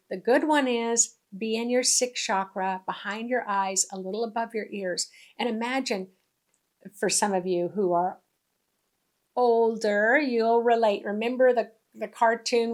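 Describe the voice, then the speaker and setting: A woman spiritual teacher talking in a casual, conversational way, often repeating her points for emphasis. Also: mid-range voice.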